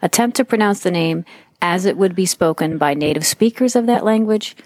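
A woman's voice: fairly low pitch, moderate pace, a little mellow, dry recording. A middle-aged woman from New Hampshire leaving a voice note for a podcast, earnest and a little self-deprecating as she asks her question. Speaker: listener sending a voice note. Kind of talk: recorded voice message.

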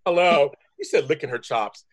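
A man co-hosting a soap recap show in casual, gushing chat. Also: fairly high pitch. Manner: animated, quick, gushing.

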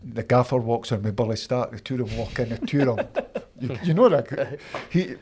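Scottish man, fifties, interview guest, animated anecdotes, average pitch. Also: normal speed, slight background noise. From Scotland. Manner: animated anecdotes, acts out quoted voices. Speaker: interview guest, former footballer. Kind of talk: storytelling in casual interview.

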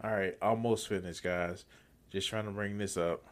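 A man's voice: low-pitched, fairly even intonation, moderate pace. A man streaming live, reacting to a clip with incredulous commentary, stammering, swearing and restarting his sentences.

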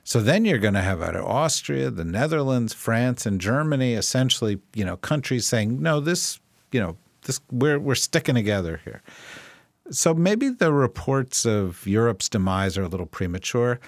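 A man's voice: mid-range voice, sing-song, normal speed, vocal fry, no room sound. A man hosting a political podcast in casual chat, wry and joking, rambling through his points. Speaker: podcast host.

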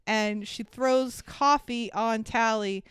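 A woman co-hosting a podcast, casually recapping a movie in animated talk, swearing freely and acting out lines. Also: on the high side, slow pace, smooth, no room sound, studio quality. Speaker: podcast co-host.

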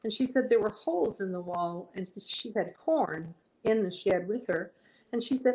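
Give me a woman from Texas, a guest songwriter, recounting a personal story in an interview. She speaks softly and haltingly, with a mid-pitched voice, pausing on fillers as she gathers her thoughts. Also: expressive, a little hiss or hum, low-quality recording.

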